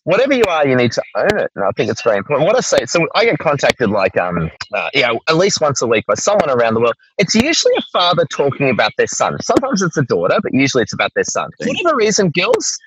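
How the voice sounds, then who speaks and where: A man's voice: mid-range voice, huge pitch swings, quick pace, few pauses, a bit bright, highs cut off. An Australian man chatting as an interview guest, rambling and often tagging his points with "right?". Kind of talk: casual interview chat.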